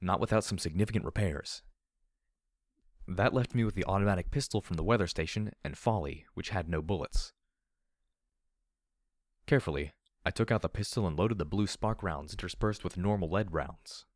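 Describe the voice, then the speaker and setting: A man narrating first-person fiction as an audiobook, in a measured storytelling delivery. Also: sits low, dry recording, studio quality.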